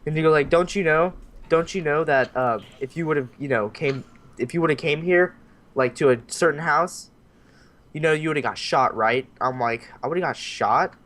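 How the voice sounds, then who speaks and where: Young man, podcast host, lively casual storytelling, acts out voices, swears a lot. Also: on the high side, moderate pace. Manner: animated, acts out voices in his stories, swears freely.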